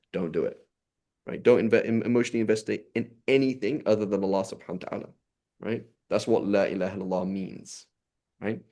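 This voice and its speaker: A man with a fairly low voice teaches an informal religious class. He speaks conversationally, repeating his points and checking in with his listeners after nearly every sentence. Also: a little mellow. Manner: conversational, repetitive, asks "right?" often. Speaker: Islamic teacher.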